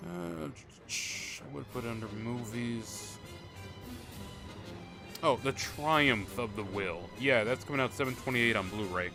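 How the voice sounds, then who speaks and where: A man's voice: mid-range voice, slow pace, creaky. A man commentating casually on his own live gameplay stream, rambling and joking with plenty of swearing. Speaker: game streamer. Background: game music and gunfire.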